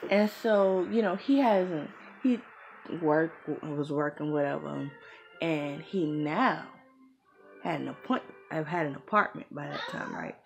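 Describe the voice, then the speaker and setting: A woman's voice: low-pitched, a little slow, vocal fry, soft background music. A young woman telling a personal story in a frank, profane, casual way, full of trailing fillers. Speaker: vlogger. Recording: noisy background hiss.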